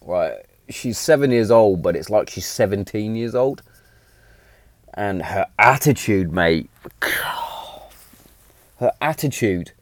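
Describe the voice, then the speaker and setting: A man's voice: lowish voice, lively intonation, slow, pauses often, no room sound. A man, telling stories in a blunt, chatty way, often repeating himself and swearing. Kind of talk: casual storytelling monologue.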